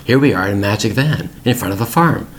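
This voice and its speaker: Lively low-voiced man telling a story. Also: quick pace, slight background noise. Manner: plain, repetitive storytelling for learners. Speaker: English-learning podcast host. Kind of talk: storytelling podcast monologue.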